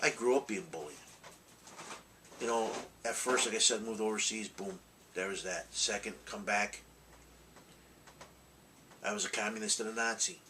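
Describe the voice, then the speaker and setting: A man's voice: fairly low pitch, normal speed, long pauses, distant mic, background noise. A man hosting a collectibles vlog, talking bluntly and rambling, with frequent restarts and mild cursing. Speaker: collectibles channel host. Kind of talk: casual rambling vlog talk.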